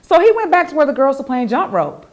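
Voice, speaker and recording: A woman reads aloud from the children's picture book she wrote, using an expressive, animated storytelling voice. She speaks at a quick pace with a high-sitting voice.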